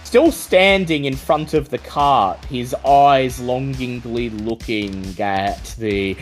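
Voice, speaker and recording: A man running a tabletop game as game master, narrating scenes descriptively with frequent pauses. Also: mid-range voice, soft background music.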